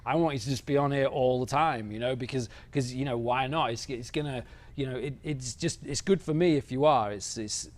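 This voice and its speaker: A man's voice: mid-range voice, fairly quick, darkish tone. A man hosting a livestream interview, speaking in a friendly, hesitant way full of fillers. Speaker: exchange founder and host.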